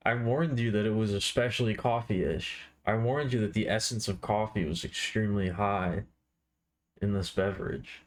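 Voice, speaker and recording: A man's voice: on the low side, moderate pace. A man streaming live while he draws, chatting casually and playfully with viewers. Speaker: art streamer.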